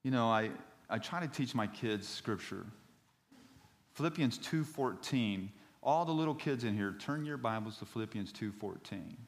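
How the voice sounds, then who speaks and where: A man in his fifties, a pastor preaching a sermon in a church, telling stories and rising to loud outbursts when he reads scripture. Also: lowish voice, normal speed, in a large hall. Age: 50s. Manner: animated storytelling preacher, voice rising to shouts on scripture.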